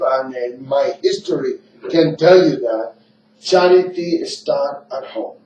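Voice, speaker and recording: Male radio host, non-native English speaker, slow and rambling, mellow voice, distant muffled roomy recording. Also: fairly high pitch, slight background noise. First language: not English. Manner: rambling, repeats himself, speaks slowly. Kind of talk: casual opinionated talk. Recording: dull lo-fi room sound from a distant mic.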